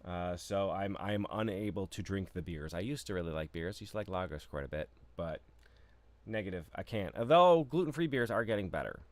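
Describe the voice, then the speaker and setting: A man's voice: deep voice, lively intonation, brisk, dry recording. A man co-hosting a live stream, chatting casually and loosely with lots of fillers and restarts. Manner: laid-back, rambling with many fillers and restarts.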